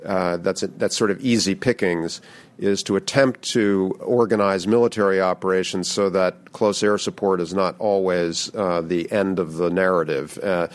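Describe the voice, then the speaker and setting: A man answering audience questions as a panel speaker, measured and hesitant, with many fillers. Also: sits low, steady tone. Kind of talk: public policy Q&A.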